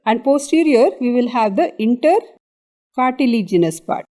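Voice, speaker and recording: A woman's voice: fairly high pitch, expressive, moderate pace, warm tone. A woman with an Indian English accent giving an exam revision lecture on anatomy, explaining step by step and often checking in with "okay".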